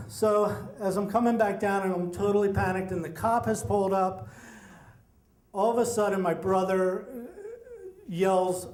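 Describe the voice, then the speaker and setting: Middle-aged man, high voice, animated storyteller, echoey room. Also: normal speed. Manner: animated, acts out quoted voices. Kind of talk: personal story told to an audience.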